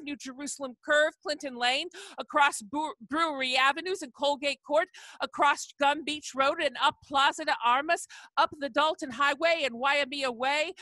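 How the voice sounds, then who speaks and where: A woman's voice: high-pitched, pushed and bright, no echo. A woman reading her own poem aloud over a video call, chanting long rhythmic lists and rising into emphatic refrains. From not from the South. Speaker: poet. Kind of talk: poetry reading.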